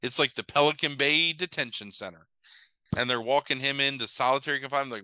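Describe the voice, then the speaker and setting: Talking quickly in a medium-pitched, clean voice, a man recaps a movie on his podcast with rambling, profane, animated storytelling full of quoted lines. There's no echo, though the audio is poor.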